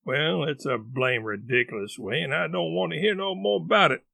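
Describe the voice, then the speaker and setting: A man's voice: a little high, moderate pace, gravelly, pushed and bright, no echo, heavily acted. A man voicing a stubborn, folksy grown man who argues insistently in rustic dialect. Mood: indignant.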